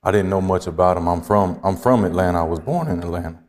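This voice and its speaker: A man from Georgia, slowly and reflectively telling his life story as an interview guest. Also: low voice, darkish tone, big-room sound. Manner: slow, reflective, halting. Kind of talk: personal testimony in conversation.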